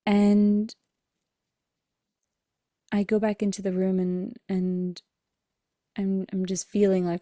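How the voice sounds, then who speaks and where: A woman's voice: mid-range voice, little pitch movement, normal speed, long pauses, mellow, no echo, studio quality. Earnest woman telling a personal story. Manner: emotional, earnest, acts out dialogue in her story. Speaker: podcast host and breathwork coach.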